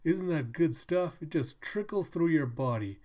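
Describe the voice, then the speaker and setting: A man voicing a crowd of poor but cheerful townsfolk while reading a manga aloud, loud and folksy. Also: fairly high pitch, lively intonation, a little slow, voice pushed up. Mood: jolly.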